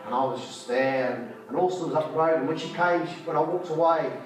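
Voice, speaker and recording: A fervent man preaches in a slightly high voice, repeating his lines and asking the audience rhetorical questions. He is recorded from far off in a very echoey hall, with faint music underneath. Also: quick pace. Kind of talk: sermon. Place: conference hall.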